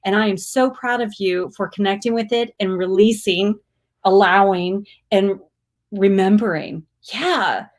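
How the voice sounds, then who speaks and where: A woman's voice: medium pitch, measured pace. Gushing, exuberant woman livestream host. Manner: gushing and exuberant, squealing cheers. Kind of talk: casual livestream chat reading viewer comments.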